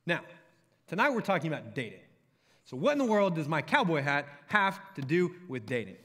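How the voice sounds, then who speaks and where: Young Texan male pastor, bright and ringing, storytelling sermon style, recorded in a reverberant hall. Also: a little high, big pitch swings, fairly quick. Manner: storytelling, joking with the crowd. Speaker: college ministry pastor. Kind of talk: sermon to students.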